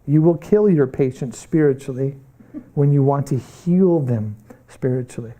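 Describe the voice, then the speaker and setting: A man's voice: mid-range voice, animated, moderate pace, warm tone. A middle-aged man teaching a Bible college missions class, preaching earnestly with rhetorical questions and bursts of urgency. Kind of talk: classroom lecture.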